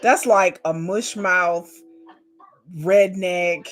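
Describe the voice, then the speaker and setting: A woman's voice: on the low side, very slow. A woman, hosting a casual reaction video, outspoken and emphatic with plenty of slang. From Texas.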